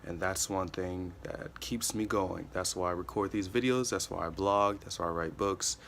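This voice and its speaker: A young man with a very low, deep voice talks earnestly in a relaxed motivational vlog. He circles back on his points and leans on "you know" as he goes. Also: normal speed, gravelly, a little hiss or hum. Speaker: motivational vlogger. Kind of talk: casual motivational monologue.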